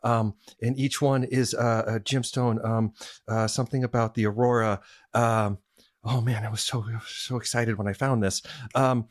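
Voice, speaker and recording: A man's voice: medium pitch, steady tone, moderate pace. Player, male, hesitant, stumbling, faint music behind. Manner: hesitant, full of fillers and restarts. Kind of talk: tabletop game play.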